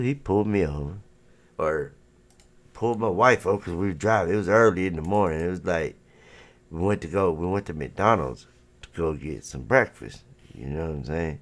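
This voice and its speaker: A man hosting a livestream, telling a story in a casual, rambling way, full of swearing and "you know what I'm saying". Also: deep voice. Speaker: livestream host.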